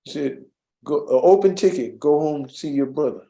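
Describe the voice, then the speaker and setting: Older man, interview guest, warm mellow tone, slightly high voice, rambling storyteller. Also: moderate pace, gravelly, reverberant. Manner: relaxed, rambling with many restarts and fillers. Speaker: interview guest, former studio assistant.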